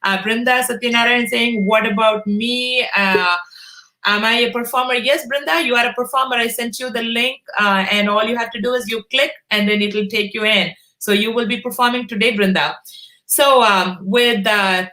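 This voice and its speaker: A middle-aged woman hosts a live stream in a bright, forceful voice pitched a little high. She greets viewers by name, pausing often on "uh". The sound is roomy and echoey. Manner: warm greetings with many "uh" fillers. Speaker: host of a live online broadcast. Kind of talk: casual live-stream hosting.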